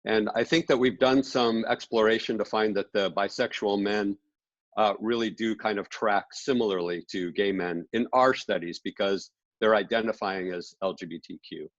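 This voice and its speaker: A man's voice: lowish voice, moderate pace. A man co-presenting in a webinar, passing on an audience question and thinking it through aloud. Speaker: research co-presenter. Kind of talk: webinar discussion. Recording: dull, lo-fi remote audio.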